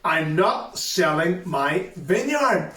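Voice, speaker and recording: A man's voice: fairly high pitch, very animated, takes it slowly, fairly bright tone, full character voice. A man doing a stubborn plain farmer. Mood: firm. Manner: firm refusal. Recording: echoey hall, far from mic.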